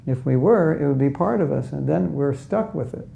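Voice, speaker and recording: A man's voice: fairly high pitch, animated, normal speed, vocal fry, dark tone, slight background noise. A man giving a conversational spiritual talk to a live audience, often asking them questions and acting out inner voices. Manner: acts out inner voices in quotes. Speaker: spiritual teacher.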